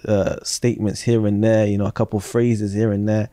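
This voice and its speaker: A man hosting a podcast, asking questions in an even, affirming way with many "you know" fillers. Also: lowish voice, normal speed, dry recording, clean studio sound. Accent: British. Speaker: podcast host. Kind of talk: casual podcast interview.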